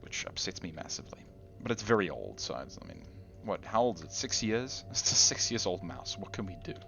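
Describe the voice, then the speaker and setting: Low-pitched, animated male gaming host; rambling, self-deprecating commentary straight to the viewer. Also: fairly quick, gravelly. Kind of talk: casual gameplay commentary.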